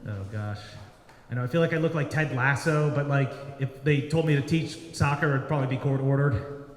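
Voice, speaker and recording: A man doing a rambling, self-deprecating stand-up set at an open mic, now and then breaking into shouty bits. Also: medium pitch, a little fast. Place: brewery bar with live audience. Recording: roomy bar with long reverb.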